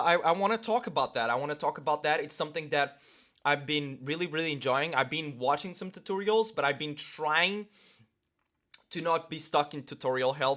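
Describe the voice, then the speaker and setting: A man's voice: on the high side, sharp tone. A young man vlogging casually to the camera while eating lunch at home, rambling with lots of fillers and talking with his mouth full.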